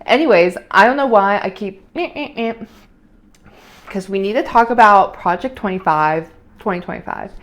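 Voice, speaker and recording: A woman's voice: mid-range voice, a little fast. A young adult woman vlogging in casual chat, rambling and opinionated, with many fillers and restarts.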